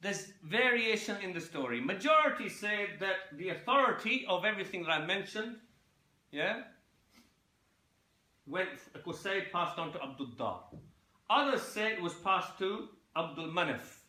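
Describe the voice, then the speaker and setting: A man gives a loose, unscripted history lecture in a bright, fairly high voice. He halts often, repeats words and keeps asking his listeners if they follow. The room around him rings with echo. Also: lively intonation. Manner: halting, repeats words and fillers; checks in with listeners, asking "yeah?". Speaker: Islamic history teacher. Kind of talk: informal lecture on lineage.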